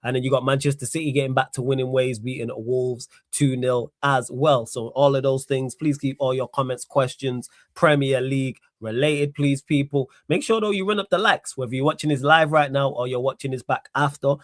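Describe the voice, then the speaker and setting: Energetic man hosting a football stream. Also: mid-range voice, moderate pace, few pauses, no room sound, clean studio sound. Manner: energetic, rattles off viewer shout-outs in street slang. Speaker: host. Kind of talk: live football talk stream.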